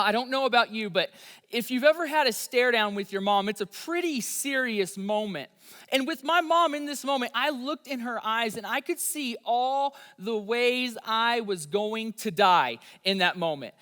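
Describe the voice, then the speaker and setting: Young male youth pastor, high voice, animated storytelling, reverberant room. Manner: energetic storytelling. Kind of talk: youth sermon.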